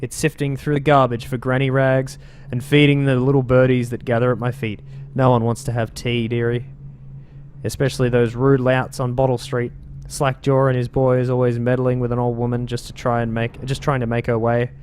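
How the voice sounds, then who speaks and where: A man reading the words of an old woman rambling about carved bones, in an unhurried, creepy way, reading game lore aloud. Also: medium pitch, monotone, darkish tone, a little hiss or hum, lightly acted. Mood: eerie.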